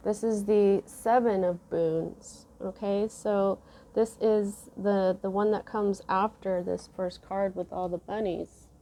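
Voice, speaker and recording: A woman giving a casual tarot reading, musing slowly with many fillers and restarts. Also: mid-range voice, fairly even intonation, mellow. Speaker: tarot reader.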